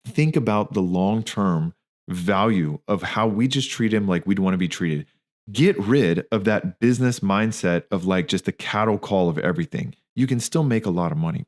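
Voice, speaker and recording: A man's voice: lowish voice, a little mellow. A man in his thirties hosting a podcast, telling personal stories in a candid, slangy, emphatic way. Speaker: podcast host, physician and practice owner. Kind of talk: casual spoken monologue.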